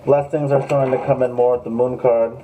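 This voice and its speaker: A man's voice: mid-range voice, flat delivery, a little fast, mellow, a little hiss or hum, poor audio. A man giving a casual, joking live tarot reading, swearing freely and talking straight to his viewers. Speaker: tarot reader.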